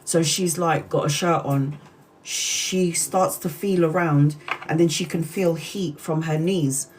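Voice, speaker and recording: Woman on a tarot live stream telling a dramatic story, lowish voice, chats to viewers as she goes. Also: slow pace, a little hiss or hum. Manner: animated retelling, acting out quoted speech; chatty, addresses viewers mid-story.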